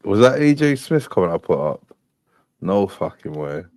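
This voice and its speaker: A man's voice: deep voice, big pitch swings, moderate pace, a little mellow, no echo. A man hosting a live stream, muttering asides to himself as he plays clips. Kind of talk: casual live-stream chat.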